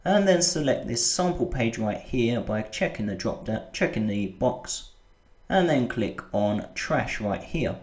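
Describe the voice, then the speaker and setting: Man explaining software steps patiently. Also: mid-range voice, animated, measured pace, echoey room. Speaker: web design tutor. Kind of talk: screen-recorded software tutorial.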